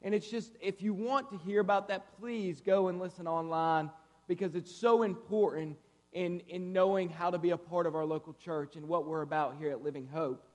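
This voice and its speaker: Casting: high-voiced male guest preacher, chatty and playful, delivering a church sermon in a reverberant sanctuary. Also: moderate pace. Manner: lively, conversational preaching with playful asides. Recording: reverberant hall.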